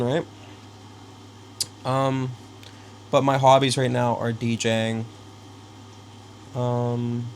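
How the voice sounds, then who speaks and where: A young man vlogging casually from his bedroom, rambling and halting with many fillers. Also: medium pitch, slight background noise. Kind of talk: casual self-interview. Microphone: small handheld camera.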